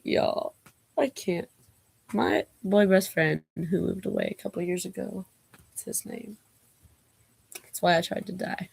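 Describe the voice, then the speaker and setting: A woman's voice: medium pitch, creaky, a little mellow, slightly rough, no room sound. A woman vlogger reading knock-knock jokes aloud, taking both parts herself and breaking off for giggly asides.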